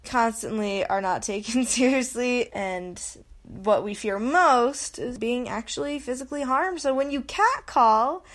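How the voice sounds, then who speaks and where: A woman's voice: fairly high pitch, unhurried, a bit bright. A young adult woman hosting a casual solo podcast, chatty and self-mocking, often laughing and slipping into quoted voices. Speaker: podcast host.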